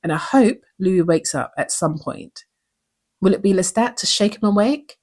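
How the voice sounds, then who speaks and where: A woman's voice: medium pitch, lively intonation, moderate pace, darkish tone. A woman hosting a recap show, talking in an earnest, reflective way and asking many questions. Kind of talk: recap commentary.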